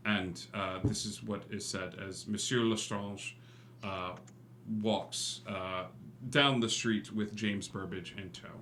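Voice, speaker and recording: A man narrating as game master of a tabletop game, relaxed and full of fillers. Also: lowish voice, slow pace. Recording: echoey room with faint hum.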